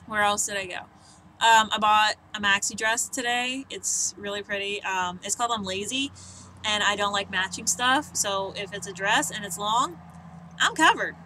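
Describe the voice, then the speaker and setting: Chatty bright-voiced woman on a balcony. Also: mid-range voice, slight background noise, rough recording. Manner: chatty, self-mocking, rambling with many fillers. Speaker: vlogger. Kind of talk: casual chat. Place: outdoor balcony.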